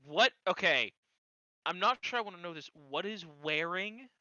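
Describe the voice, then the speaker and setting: A man co-hosting a comedy stream, sounding exasperated, with quick lively asides. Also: high voice, muffled recording, crowd noise. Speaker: co-host. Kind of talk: casual chat.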